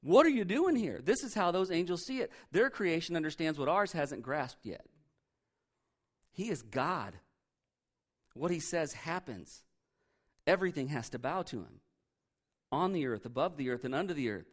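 A pastor preaching a sermon in a conversational way, with joking asides. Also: male voice, a little high, animated, normal speed, pauses often.

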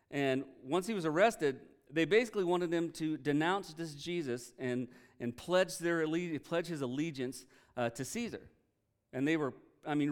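A male pastor preaching a sermon, telling a story earnestly and with feeling, often pausing to react. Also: on the high side. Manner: earnest storytelling, emotional, retells quotes with energy.

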